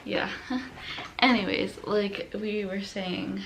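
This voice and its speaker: A young woman with a gravelly, fry-tinged voice chats casually about her experience at home, laughing often and leaning on "like." A faint noise sits under the recording, and her voice has a medium pitch. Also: fairly even intonation, extremely slow, fairly bright tone. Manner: chatty, laughs often, says like a lot. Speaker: vlogger telling her birth story. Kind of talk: casual chat. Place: home at night.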